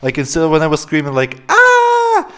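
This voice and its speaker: A man's voice: a little high, level tone, racing, clean tone. A young man telling a story-time vlog in a casual, rambling way, often laughing and filling gaps with "like" and "uh". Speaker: vlogger.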